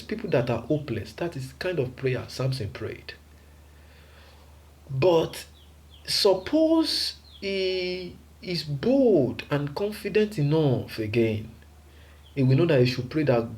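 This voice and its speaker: A man's voice: on the high side, sing-song, a little slow, a little mellow. A man preaching a sermon emphatically, with rhetorical questions and repeated phrases.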